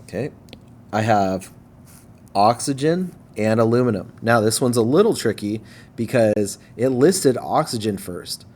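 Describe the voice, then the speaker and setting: A man relaxedly teaches a recorded chemistry lesson, frequently asking "okay?" and slowing down to stress syllables. His voice is on the low side.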